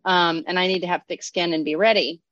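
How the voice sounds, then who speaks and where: A middle-aged woman and guest artist telling stories in a casual, animated interview, full of fillers and asides. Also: lowish voice, brisk, no room sound, highs cut off. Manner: chatty animated storyteller, many fillers and asides. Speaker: guest artist and oracle deck creator.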